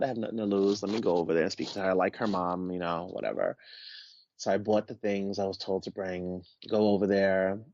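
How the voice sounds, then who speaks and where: A medium-pitched man, a guest on a podcast, relaxedly shares a personal anecdote and animatedly impersonates the people in it. There's no room sound, and the podcast audio comes across dull and dry.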